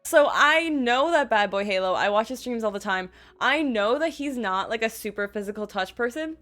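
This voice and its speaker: A woman's voice: a little high, expressive, moderate pace, fairly bright tone. A young woman streamer telling a story in a casual, gushing, chatty way, full of "like" and acted-out quotes. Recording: faint music behind the voice.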